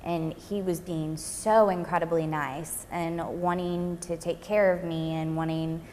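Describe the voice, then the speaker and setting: A woman recounting her own experience in a documentary interview, speaking in a soft, reflective way with casual fillers. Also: on the low side, level tone, a little slow, a little hiss or hum. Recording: long hall reverb.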